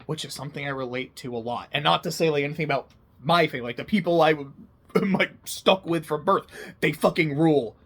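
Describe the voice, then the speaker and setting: Young male anime host, slightly high voice, emotional and laughing, casual, swears a lot. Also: fast, a bit bright, breathy edge. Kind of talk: casual personal commentary.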